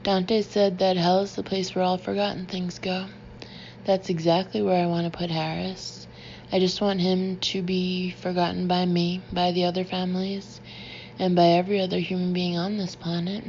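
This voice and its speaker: A woman voicing a calm, grieving man. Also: on the low side, normal speed, lo-fi sound, a little hiss or hum, close to an everyday voice. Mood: bitter. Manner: calm, controlled.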